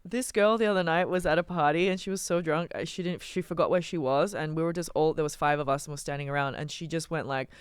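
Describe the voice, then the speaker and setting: A woman's voice: sits low, fairly even intonation, quick pace, hardly any pauses, smooth, dry recording. A woman comedian as a podcast guest, teasing and telling stories with animation into a close mic. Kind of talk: casual comedic chat.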